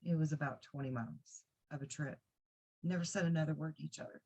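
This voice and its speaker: A woman's voice: low-pitched, fairly even intonation, fast talker, warm tone, breathy edge. A woman who does psychic readings, earnestly recounting a personal experience to camera in a rambling way with many fillers. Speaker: psychic reader and video diarist. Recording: dull lo-fi sound.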